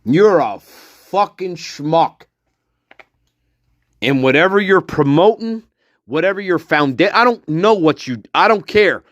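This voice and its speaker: A man's voice: on the high side, animated, dry recording, lo-fi sound. A man giving angry true-crime commentary, profane and contemptuous, dragging out his insults. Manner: profane, contemptuous, name-calling; slow, drawn-out insults.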